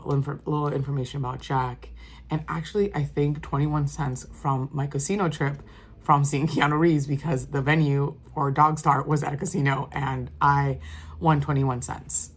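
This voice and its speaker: A woman's voice: deep voice, breathy edge. A woman vlogger casually rambling through a walk-through of her craft journal, with many fillers and restarts. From New York State.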